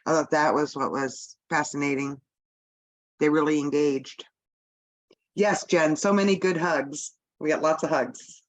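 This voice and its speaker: A woman's voice: low-pitched, steady tone, unhurried. A woman hosting a casual video-call chat, reflecting chattily on feedback.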